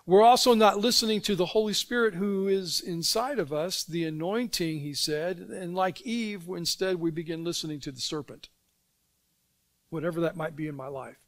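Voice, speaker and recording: A man pastor preaching a conversational sermon in a church, asking the congregation questions and answering them himself. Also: high-pitched. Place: church sanctuary.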